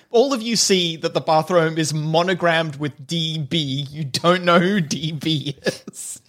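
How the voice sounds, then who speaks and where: A man's voice: a little high, fairly bright tone. A man running a tabletop game as game master, narrating loosely with fillers and giggles.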